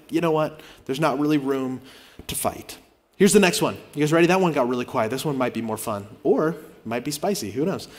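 A male pastor preaching a sermon to his congregation, his voice sitting a bit high for a man. He talks to them conversationally, pushing some lines out loudly and dropping others to near-quiet asides. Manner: conversational preaching, swings between loud emphasis and quiet asides. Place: church auditorium.

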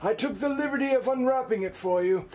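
An actor playing a weary, resentful eighty-year-old butler who answers with slow, deadpan politeness. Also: male voice, very high voice, slight background noise. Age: older.

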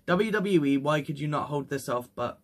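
A young man giving casual wrestling predictions, excitable, swearing freely and whooping with hype. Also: a little high, moderate pace.

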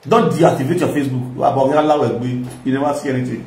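This man, a social media commentator with a Nigerian accent, rambles through a mocking reaction and laughs a lot. He talks quickly with hardly any pauses, in a medium-pitched, slightly mellow voice picked up by a distant mic in an echoey room.

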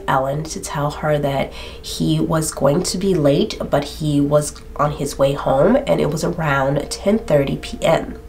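A woman's voice: deep voice, a little hiss or hum. A young woman casually retelling a true crime story, chatty and digressive, full of asides and talking straight to viewers. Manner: talks straight to viewers, addressing them directly.

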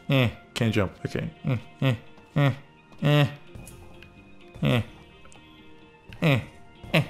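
A man gives casual, playful commentary while he plays a video game, exclaiming and giggling at what happens. His voice is lively and animated, his pace unhurried. Soft game music sits underneath. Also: mid-range voice, vocal fry. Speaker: let's play host.

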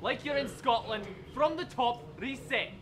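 A man's voice: very high-pitched, lively intonation, a little slow. A man playing a pompous, bossy film director in a comedy sketch, theatrical and demanding.

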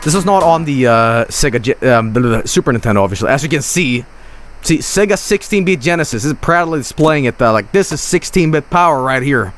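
A man streaming a hockey video game, commenting live, swinging from low grumbling to loud yelling and cursing at the game. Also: lively intonation, brisk, slight background noise.

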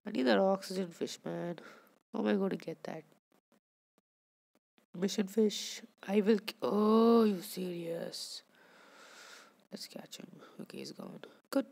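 Woman gaming commentator, mellow dark tone, unhurried and chatty. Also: mid-range voice, gravelly. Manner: chatty, talks to viewers and to the fish on screen. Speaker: gameplay commentator. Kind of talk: casual gameplay commentary.

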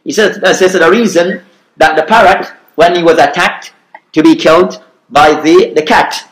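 Imam telling a story, echoey. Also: male voice, on the high side, moderate pace. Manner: storytelling with repeated "you understand", Arabic phrases woven in. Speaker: imam giving a weekly lesson. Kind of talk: informal religious lesson with a story. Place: mosque hall. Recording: echoey mosque room.

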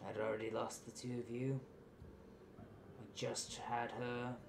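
A man voicing a stern, gruff aging lord, a father who speaks in curt commands. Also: medium pitch, little pitch movement, a little slow, roomy sound, background noise. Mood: solemn.

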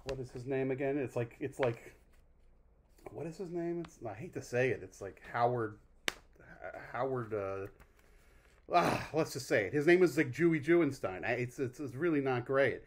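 A man's voice: mid-range voice, animated, normal speed, background noise. Rambling, wry male vlog host. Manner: wry, rambling, self-deprecating, with mock groans. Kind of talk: casual rambling monologue.

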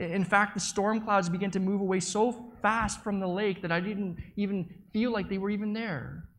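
With a mid-range voice, this preacher narrates a story as someone who was there. The delivery is dramatic and vivid, though he trips slightly and repeats words here and there.

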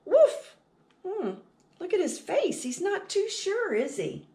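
Hosting a children's storytime, a woman with a very high voice reads a picture book aloud, unhurried. She's animated and sing-song, talking directly to her young listeners.

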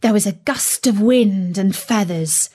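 Slow, expressive woman storyteller. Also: mid-range voice. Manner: slow, clear, expressive reading. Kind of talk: storybook narration for learners.

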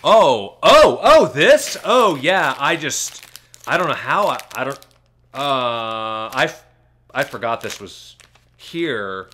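A man's voice: very animated, slow, bright, forceful tone, heavily acted. A man voicing a flustered, guilty kid caught hiding something, stammering and playing innocent. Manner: high, stammering, fake-innocent.

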